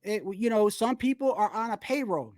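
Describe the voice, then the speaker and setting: A woman hosting a boxing channel livestream, ranting in animated, profane, slangy talk full of restarts. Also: mid-range voice, normal speed, no room sound, clean studio sound. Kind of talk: casual livestream commentary.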